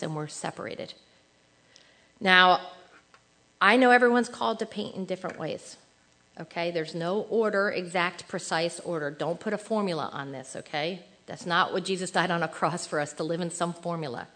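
A middle-aged woman giving an informal sermon to women, chatty and animated, acting out little quoted lines. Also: mid-range voice. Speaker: women's ministry speaker.

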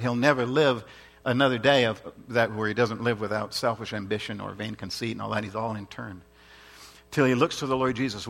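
A man's voice: mid-range voice, fairly bright tone. A man preaching a sermon in an earnest, emphatic way, repeating his points and asking rhetorical questions.

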